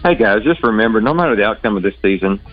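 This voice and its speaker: Male performer as a folksy, lower-voiced veteran sportscaster, muffled radio audio. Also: animated, very fast, soft background music, lightly acted. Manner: folksy, chatty, breaks into hymn singing.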